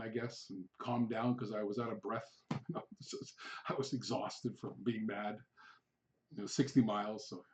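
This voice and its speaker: A middle-aged man giving a sales training talk, telling stories with animated delivery and acting out his past outbursts. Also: mid-range voice, dull audio. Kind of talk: training video monologue.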